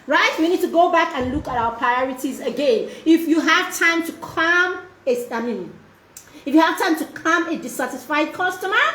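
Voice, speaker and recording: A woman's voice: high voice, expressive, moderate pace, a bit bright, echoey room. A woman giving a live-streamed parenting talk as a mentor, repeating herself and checking in often with "okay?" and "right?". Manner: repetitive, checking in with frequent tag questions.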